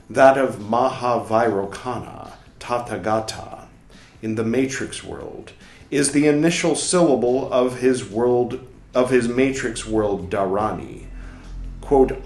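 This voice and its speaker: Slow, deliberate man reading aloud. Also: medium pitch. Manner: pauses to comment on the text with small asides. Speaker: reader of a text on Buddhist mantras. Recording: roomy echo, faint music behind.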